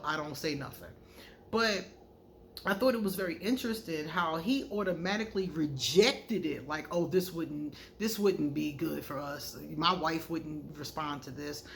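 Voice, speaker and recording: Animated woman tarot reader chatting. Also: fairly low pitch, a little hiss or hum. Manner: animated storyteller who acts out quoted dialogue; frank and conversational, addresses viewers directly. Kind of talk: casual vlog monologue.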